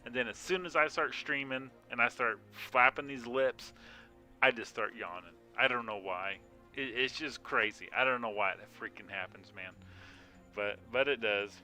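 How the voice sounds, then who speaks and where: A man's voice: mid-range voice, normal speed, pushed and bright, faint music behind. A man streaming a mobile game from home, chatting casually with viewers, rambling with lots of fillers and yawns. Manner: rambling, frequent yawning and filler words. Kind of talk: casual live-stream chat. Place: home room.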